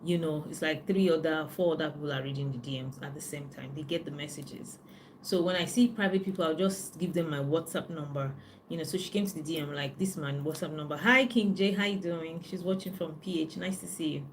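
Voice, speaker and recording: Chatty woman coach, low voice. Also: fairly quick, a little hiss or hum. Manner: chatty, animated storytelling with frequent "you know". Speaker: life coach. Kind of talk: live-stream chat with viewers.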